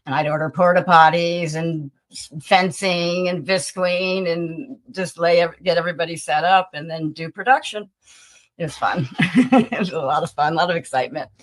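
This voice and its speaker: A woman in her sixties, a talent agency founder, telling lively stories from her career as an interview guest. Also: lowish voice, moderate pace. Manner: animated storyteller who acts out the people in her stories. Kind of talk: anecdotal interview storytelling.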